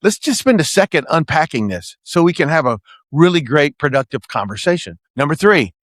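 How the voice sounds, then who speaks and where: Here a man with a slightly high, fairly bright voice speaks a little fast, his pitch swinging widely. He's a management consultant hosting a podcast, coaching earnestly like a preacher and repeatedly asking "right?". It's clean studio audio with no room sound.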